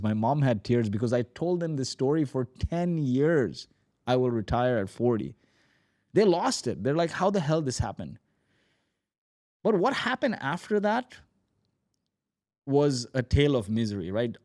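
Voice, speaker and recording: A man in his forties, a startup founder telling his story as a podcast guest, animated and acting out quoted dialogue. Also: medium pitch, no echo, studio quality. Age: 40s. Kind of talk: energetic storytelling.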